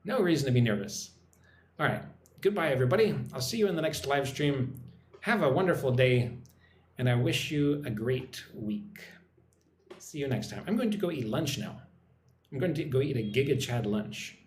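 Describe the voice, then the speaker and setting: A chatty man talks playfully on a live stream, his pitch swinging up and down in amused exclamations. His voice rings in a roomy, echoey space with a faint hiss of noise behind it. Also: animated, moderate pace. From Texas. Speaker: English teacher streaming live. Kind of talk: casual live stream chat.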